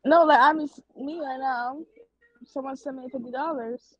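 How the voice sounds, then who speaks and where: Sassy high-voiced woman. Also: fairly even intonation, moderate pace, no room sound, muffled recording. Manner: sassy, confident. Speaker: video chat stranger. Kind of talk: casual video-chat banter.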